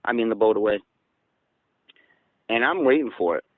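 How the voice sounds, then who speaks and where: A man from southeastern Massachusetts, a guest casually recounting events in an animated way and acting out the dialogue. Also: on the low side, normal speed, dry recording, poor audio. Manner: animated, acts out quoted dialogue. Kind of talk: casual storytelling.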